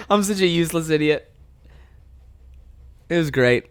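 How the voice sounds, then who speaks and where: A man's voice: on the high side, takes it slowly, long pauses, clean tone. A young man from Canada hosting a podcast, telling a funny story casually, swearing often and breaking into laughter. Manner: animated, swears a lot, bursts into laughter. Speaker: podcast host.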